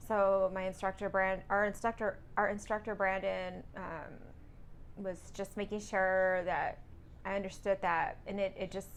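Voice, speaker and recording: A woman's voice: mid-range voice, little pitch movement, a little slow. A woman talking in a casual vlog about her truck driving lessons, rambling and correcting herself as she goes.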